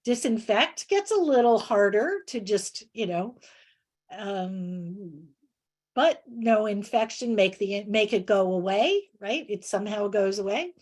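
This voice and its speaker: Woman presenter for a reading webinar, slow and measured, halting delivery, walks through word examples. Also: medium pitch, lively intonation, a little mellow. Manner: halting, many fillers and restarts.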